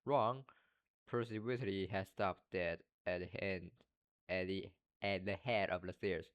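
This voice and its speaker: Man learner reading a novel aloud: low voice, halting, trips over and repeats words. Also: fairly even intonation, lo-fi sound.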